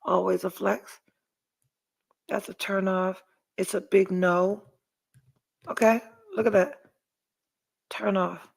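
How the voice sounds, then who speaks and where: A woman's voice: mid-range voice, fairly even intonation, slow, gravelly, pauses often, husky. A middle-aged woman hosting a podcast, telling a story in casual chat and reading viewer comments, blunt and profane. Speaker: podcast host.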